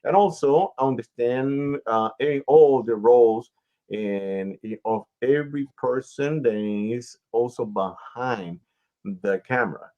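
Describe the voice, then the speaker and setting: His mid-range voice comes across with dull audio as he hosts a radio interview show. Also a talent manager, he gives lengthy advice in a slow, casual, explanatory way.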